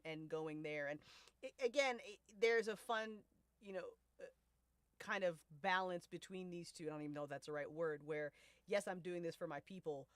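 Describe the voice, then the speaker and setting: A woman hosting a casual podcast chat as the show's writer, animated and profane, often laughing. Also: lowish voice, no echo. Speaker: podcast writer and cast host.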